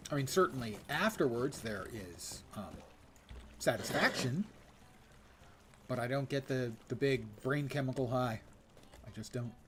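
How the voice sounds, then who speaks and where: A man's voice: mid-range voice, lively intonation, unhurried, pauses often, a little hiss or hum. Wry older man streaming a game. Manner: wry, self-deprecating, reads quest text aloud. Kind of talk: casual gameplay commentary.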